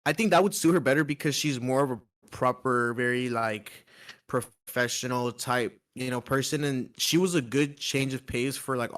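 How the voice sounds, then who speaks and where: A man's voice: medium pitch, moderate pace, a bit bright. A man hosting a casual livestream podcast, chatty and rambling, with many likes and restarts. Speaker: podcast host.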